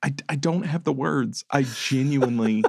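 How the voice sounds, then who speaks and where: A man's voice: mid-range voice, moderate pace, gravelly, no room sound. A man co-hosting a casual movie review podcast, dry, incredulous and sarcastic. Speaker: podcast co-host.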